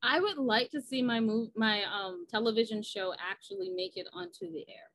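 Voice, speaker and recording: A woman's voice: on the high side, lively intonation, moderate pace, gravelly, a bit bright. A woman guest and writer on a podcast, chatting casually and teasing her co-guest playfully. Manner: playful teasing, throwing mock shade. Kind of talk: casual chat.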